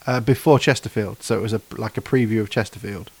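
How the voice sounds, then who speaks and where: Gravelly-voiced man, mid-pitched, chatty podcast co-host, dry close mic. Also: fast, dry recording. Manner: chatty, laughs often, hesitant fillers. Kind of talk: casual football chat.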